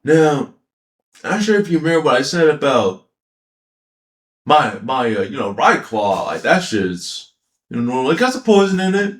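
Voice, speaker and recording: A man's voice: on the high side, normal speed, long pauses, echoey room. A man casually ranting about an anime, retelling scenes with swearing and laughter. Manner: animated, profane, laughing storytelling. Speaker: anime commentator.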